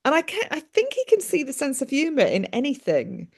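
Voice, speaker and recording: Woman, medium, demonstration; chatty, animated delivery, voice on the high side. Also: fairly quick, creaky. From United Kingdom. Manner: chatty, animated, laughs often.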